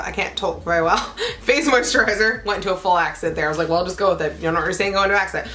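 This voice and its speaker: A young woman chatting excitedly as she unboxes beauty products for her channel, gushing and exclaiming with lots of fillers. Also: medium pitch, a little hiss or hum. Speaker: beauty vlogger.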